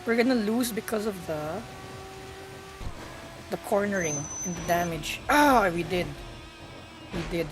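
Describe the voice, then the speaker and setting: A woman's voice: medium pitch, expressive, measured pace, long pauses, over music. A young woman, chatting playfully to her live-stream audience while gaming and laughing often.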